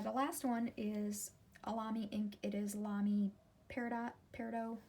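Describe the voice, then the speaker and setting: Chatty woman with a gravelly voice. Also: mid-range voice, mellow. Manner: chatty, meandering, self-interrupting. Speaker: ink collection vlogger. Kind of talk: casual rambling vlog while swatching. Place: home desk.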